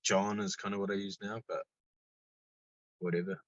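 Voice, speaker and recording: A man chatting casually as a podcast guest, laid-back, swearing freely and getting lively when he tells stories. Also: lowish voice, moderate pace, no room sound, muffled recording. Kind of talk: casual chat.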